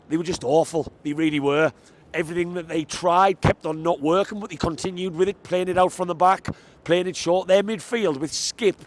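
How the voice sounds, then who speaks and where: A man with a fairly high-pitched voice gives his post-match thoughts for a fan vlog, speaking into a handheld mic outdoors by a football stadium. His delivery is animated, talkative, and forceful.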